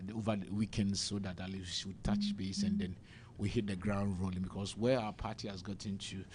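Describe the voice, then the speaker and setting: A man's voice: deep voice, level tone, a little fast, background noise. A man from Ghana giving impassioned political commentary on a radio show, preachy and rhetorical, quoting scripture as he grows heated. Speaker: political party member on a radio panel. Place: radio studio.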